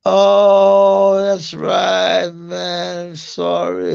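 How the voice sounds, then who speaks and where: A man's voice: on the high side, fairly even intonation, slow, creaky, pauses often. A man, rambling in a casual live chat with viewers, swearing often and laughing at comments. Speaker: livestreamer. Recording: muffled lo-fi stream audio.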